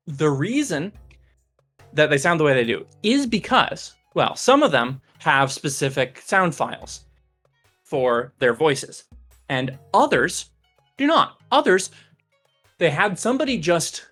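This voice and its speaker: Brief: mid-pitched teacher on a voice call, patient and explanatory, fillers like "uh", music faint behind. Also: a bit bright. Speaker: computer science teacher. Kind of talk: casual explanation on a stream.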